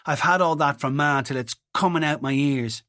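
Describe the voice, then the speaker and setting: A man's voice: a little high, pushed and bright, no echo, clean studio sound. A man voicing a sardonic teenage daughter who scoffs and teases her father, reading an audiobook. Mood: teasing. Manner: scoffing, quick-tongued. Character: sardonic teenage Irish girl, mocking her dad.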